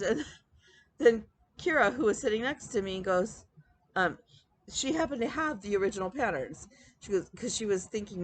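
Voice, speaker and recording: A flosstube host, a woman who vlogs about cross-stitch, chats casually in a medium-pitched, animated, somewhat bright voice at normal speed. She tells stories packed with quoted dialogue and fillers.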